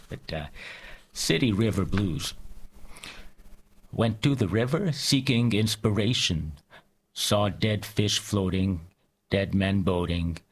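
A man with a somewhat low voice chats casually and reads poetry aloud. He takes it very slowly, in a measured, pausing recital. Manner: slow, measured recital with pauses. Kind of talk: casual chat and poetry reading.

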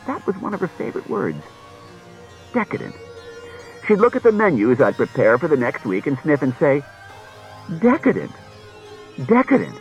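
A talkative, fretful wife who wanders all around her story, her voice lifted high and swinging up and down, as a male reader puts her on. The recording is dull and lo-fi, with faint music behind. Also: sing-song, normal speed, pauses often. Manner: rambling, circuitous storytelling. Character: chatty anxious wife, adult woman.

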